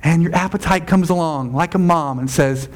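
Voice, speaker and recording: Pastor type, man, high-pitched voice, casual but emphatic sermon delivery, repeats himself for stress. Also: normal speed. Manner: conversational, emphatic, repeats phrases.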